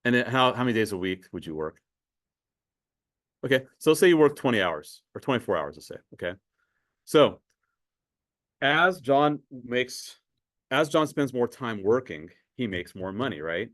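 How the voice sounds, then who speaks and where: A man's voice: medium pitch, very animated, normal speed, pauses often, fairly bright tone, no echo, studio quality. A man teaching a math class in a conversational way, asking students questions and often repeating words. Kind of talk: classroom lecture.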